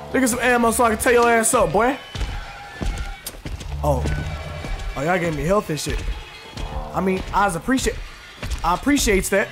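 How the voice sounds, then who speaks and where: High-voiced excitable gamer man. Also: normal speed, pauses often. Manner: excitable, profane, talks to the game and chat. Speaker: gaming streamer. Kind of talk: live gameplay commentary. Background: game music.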